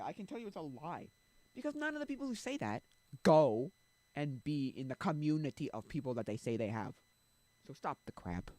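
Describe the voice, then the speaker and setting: A man's voice: a little high, sing-song, a little fast, a little mellow, low-quality recording. Rambling man chatting on a livestream. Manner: rambling, blunt, restarts and asides to chat. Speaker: streamer. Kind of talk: casual livestream chat. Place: home streaming setup.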